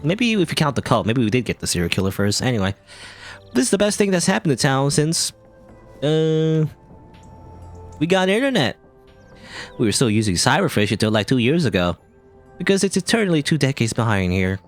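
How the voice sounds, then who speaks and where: A man's voice: mid-range voice, sing-song, fairly quick, long pauses, soft background music. A man from Canada casually commenting on a video game he plays, rambling and joking. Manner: chatty, rambling, jokey. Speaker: let's play host.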